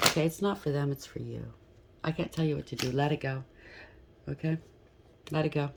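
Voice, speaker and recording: A mid-pitched tarot reader talks straight to the listener in a blunt, emphatic way. The delivery is loose and spontaneous, full of restarts and quick "okay?" check-ins. Faint card shuffling and low noise sit in the background. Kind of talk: tarot reading to camera.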